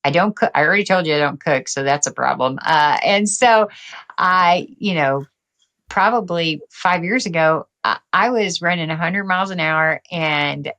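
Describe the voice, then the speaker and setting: A middle-aged woman telling her story as a podcast guest, energetic and quick to laugh. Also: on the low side. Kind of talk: casual interview talk.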